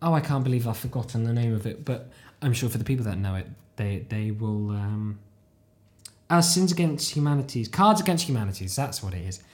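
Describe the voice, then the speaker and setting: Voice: expressive, fairly quick, darkish tone. A podcast host talking alone in a casual, rambling, self-deprecating way, a little tired late at night. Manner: rambling, self-deprecating, jumps into squeaky high voices for inner thoughts. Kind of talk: casual solo monologue.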